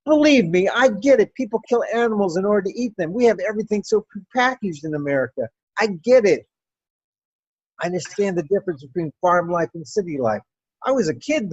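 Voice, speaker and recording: Husky woman telling a wry story. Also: mid-range voice, brisk, dry recording, rough recording. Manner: animated, wry, profane. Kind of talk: personal storytelling.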